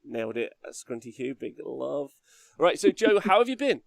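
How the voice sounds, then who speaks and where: Male podcast host, gravelly and dry, relaxed banter. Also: medium pitch, normal speed, no echo. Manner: chatty, laughs often, reads chat aloud. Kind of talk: casual livestream chat.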